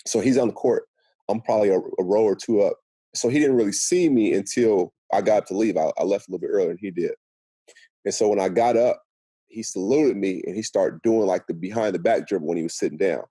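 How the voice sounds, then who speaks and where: Quick-talking seattle guy, low husky voice, dry close sound, animated storyteller. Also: no echo. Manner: animated storyteller acting out quotes. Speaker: guest. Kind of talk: casual podcast storytelling.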